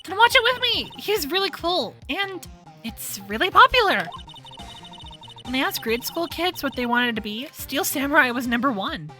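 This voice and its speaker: A woman voicing an excitable teenage girl who squeals eagerly and breathlessly. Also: sits high, moderate pace, soft background music, pitched above the performer's own voice, exaggerated voice.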